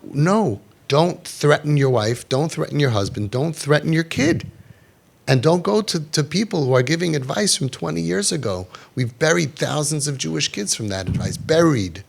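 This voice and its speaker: A man speaking to an audience about parenting, talking emphatically, repeating phrases, dropping low for stress and mixing in Yiddish and Hebrew words. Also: gravelly. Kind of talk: impassioned talk to an audience.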